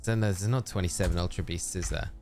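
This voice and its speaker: A man's voice: sits low, fairly even intonation, a little fast, darkish tone, faint music behind. A man chatting on a live stream, reading out viewer messages and thinking aloud. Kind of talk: casual live-stream chat.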